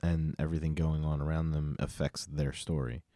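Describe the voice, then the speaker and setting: A man co-hosts a casual film podcast, mixing short asides with longer explanations. His voice sits very low and mellow, recorded close on a dry mic. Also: flat delivery, moderate pace, no echo. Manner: brief interjections, explains with "like". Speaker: podcast co-host.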